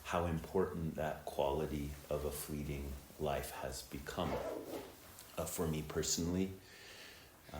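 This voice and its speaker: Very deep-voiced man, reflective dharma talk. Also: slight background noise. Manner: reflective, unhurried, many filler words. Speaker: Zen teacher and preceptor. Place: temple hall. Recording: echoey temple hall, faint ambience.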